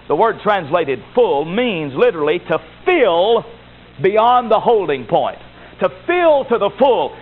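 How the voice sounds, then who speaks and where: A man preaching a sermon as a Baptist pastor, emphatic and repetitive, building to rising exhortations. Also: high voice. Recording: tinny phone-like recording with faint hiss.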